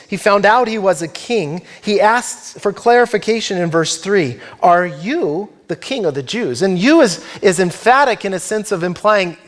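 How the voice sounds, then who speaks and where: A male pastor delivering an earnest sermon, walking through a scripture passage verse by verse. His voice sits a bit high for a man. He speaks directly to the congregation in an engaged, expository way. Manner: earnest, expository, acts out quotes.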